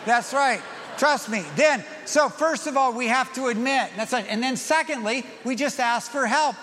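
A man preaching a sermon as pastor, animated and urging, easing into gentle prayer. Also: very high-pitched, normal speed, big-room sound, slight background noise.

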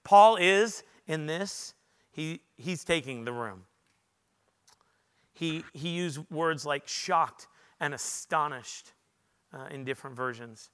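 A male pastor preaching a sermon to a large congregation in a church, earnest, rising to loud emphatic peaks and dropping to quiet confessional moments. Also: a little high, slow pace, long pauses, smooth.

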